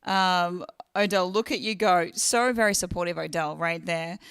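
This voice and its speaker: An Australian woman hosting a casual livestream, chatty and quick to laugh, reading viewer comments aloud. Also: on the low side, fairly bright tone, clear, resonant tone, no room sound, studio quality. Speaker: livestream host.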